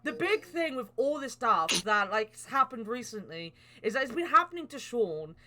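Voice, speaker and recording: A woman hosting a podcast in casual chat, animated and swearing freely. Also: on the high side, moderate pace, a loud crowd. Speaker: podcast host.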